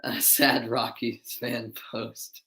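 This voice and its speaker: A man's voice: mid-range voice, little pitch movement, slow pace, vocal fry, bright, forceful tone. A man from Boston doing live play-by-play commentary, chatting with viewers between plays. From Boston, USA. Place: dimly lit room at home.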